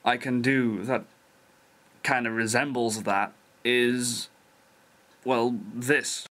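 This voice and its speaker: A man's voice: mid-range voice, level tone, slow pace, pauses often, a bit bright. A young Dutch man, a non-native English speaker, rambling self-mockingly in a casual vlog. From Netherlands. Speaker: vlogger.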